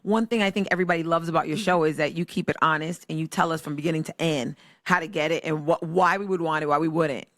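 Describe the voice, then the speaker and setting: A woman's voice: sits low, fairly even intonation, quick pace, few pauses, dry recording, studio quality. A woman interviewing a guest in a casual chat, using loose slang and backing the guest up with frequent affirmations. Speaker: radio interviewer. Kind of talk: conversational interview.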